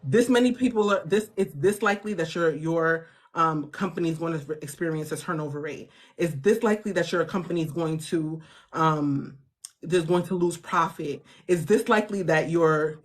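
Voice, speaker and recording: A woman host giving animated, slangy motivational coaching in a casual chat. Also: lowish voice, husky.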